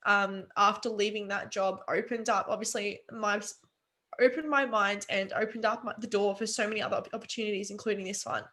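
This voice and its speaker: A woman's voice: on the high side, bright, forceful tone. A young woman, telling her personal story earnestly and emotionally on a video call. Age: young adult. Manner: earnest, emotional, many fillers. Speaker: webinar guest.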